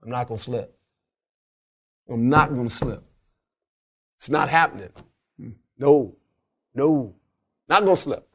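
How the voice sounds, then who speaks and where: Slightly slow with long pauses, this older man's voice is fairly bright and a bit rough as he shares stories from his days as a football coach in an animated interview. He stresses his points, laughs often, and delivers quotes in a raised, high voice.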